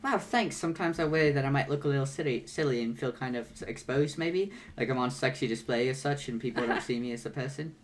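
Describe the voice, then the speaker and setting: A woman's voice: a bass voice, quick pace, hardly any pauses, a little hiss or hum. A woman reading the part of a shy, unsure teen troll boy, speaking hesitantly and self-consciously.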